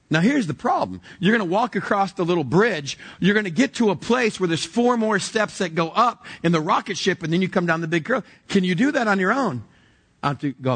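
Male pastor, husky, a bit high, sermon storytelling, acts out dialogue. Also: expressive, brisk, fairly bright tone. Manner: vivid storyteller who acts out dialogue, then earnest preaching.

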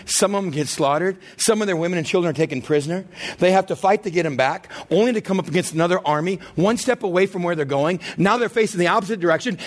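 High-voiced pastor guy, middle-aged, dramatic sermon, gets loud then goes quiet. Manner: animated, dramatic, swings between loud and hushed.

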